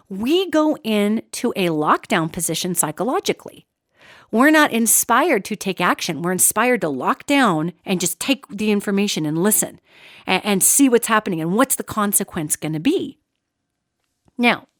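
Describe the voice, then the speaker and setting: A middle-aged woman hosting a solo podcast, talking in an animated, emphatic way and calling her listeners "gang". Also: medium pitch, no echo, clean studio sound. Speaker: podcast host.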